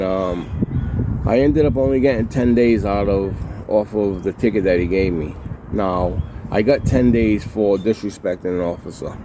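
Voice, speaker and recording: A former prisoner tells his story to camera casually but heatedly, cursing, repeating himself, and acting out what people said. His voice is lowish and mellow, with a little hiss or hum.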